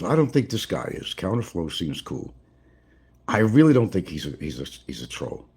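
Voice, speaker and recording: An older man from the United States, livestreaming at home in the central Philippines, rambles and chuckles as he answers chat comments in casual conversation. His voice is fairly low, sing-song and slightly rough, darkish in tone, at a moderate pace.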